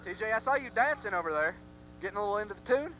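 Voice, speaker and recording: A man calling a local wrestling match play-by-play with excited, hype-driven energy. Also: high-pitched, very fast, a little hiss or hum, rough recording. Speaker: play-by-play commentator. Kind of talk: wrestling commentary. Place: armory arena.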